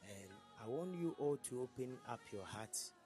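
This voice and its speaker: A man's voice: mid-range voice, lively intonation, normal speed, music in the background. A man preaching a fervent prophetic sermon while losing his voice, blessing people one by one by name. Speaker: pastor.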